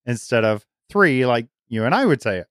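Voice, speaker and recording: Upbeat podcast host, clear dry voice. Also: male voice, medium pitch, sing-song, moderate pace, a bit bright, no room sound. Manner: enthusiastic, repeats words when starting sentences. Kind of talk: casual podcast chat.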